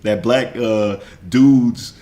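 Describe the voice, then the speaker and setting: A man's voice: medium pitch, fairly even intonation, extremely slow, dark tone, reverberant. A man ranting in casual slang on a stream, repeating himself and laughing often. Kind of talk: casual rant.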